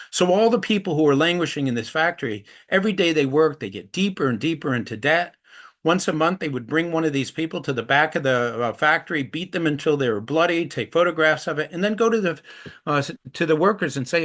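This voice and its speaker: A man's voice: a little high, expressive, brisk, fairly bright tone. A middle-aged man, an activist, giving an earnest storytelling presentation. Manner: earnest, acts out quoted voices in anecdotes. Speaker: anti-trafficking activist speaker.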